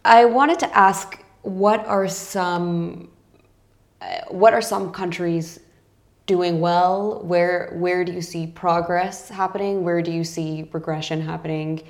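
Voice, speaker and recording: A woman with a slightly low voice hosts an interview and asks measured, probing questions. She keeps the pace steady and lets each question unfold.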